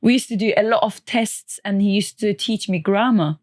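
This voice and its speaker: A woman from Turkey with a Turkish accent touched by Birmingham, telling stories in a relaxed, chatty way as a podcast guest, often laughing. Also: medium pitch, normal speed. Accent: Turkish, mixed with a Birmingham lilt. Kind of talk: casual interview chat.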